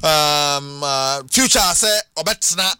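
A man's voice: a little high, takes it slowly, clear, resonant tone, no room sound, clean studio sound. A man hosting a casual sports chat, switching between English and Twi. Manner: lively, mixing English and Twi. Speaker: radio sports host.

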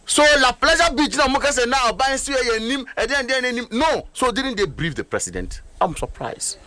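A man's voice: extremely high pitch, big pitch swings, moderate pace, pushed and bright, dry recording. A man with a Ghanaian accent, speaking as a political guest on a talk show with emphatic, scornful commentary and rhetorical questions.

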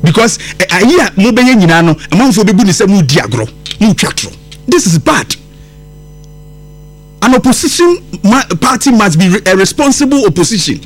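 A Ghanaian radio host, a man whose pitch sits high and swings widely as he argues. He talks in an emphatic, indignant way, hammering points through repetition. Soft music plays faintly under his voice in the studio. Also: sing-song, a little fast. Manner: emphatic, indignant, repeating himself for stress. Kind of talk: radio political commentary in Twi and English.

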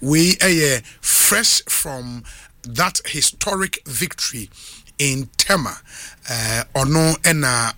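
A man with a Ghanaian accent hosting a radio show in a studio, leaning hard on key phrases and drawing them out slowly. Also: medium pitch, pushed and bright, no echo. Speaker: radio host.

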